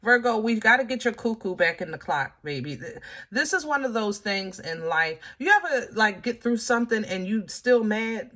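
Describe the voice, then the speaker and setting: A woman's voice: fairly high pitch, expressive, normal speed, hardly any pauses, sharp tone. A woman giving a casual, chatty tarot reading, talking straight to her viewers with colloquial asides and easy laughs. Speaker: tarot reader.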